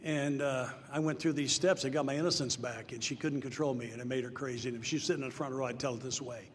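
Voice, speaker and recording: An older man from Tennessee telling his recovery story to a gathered audience, earnest and plain-spoken, swelling into loud emphatic lines. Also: medium pitch, steady tone, fast. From Nashville, Tennessee. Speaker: speaker at a recovery meeting. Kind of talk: personal testimony talk. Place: large hall before an audience. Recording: live hall with long reverb, faint noise.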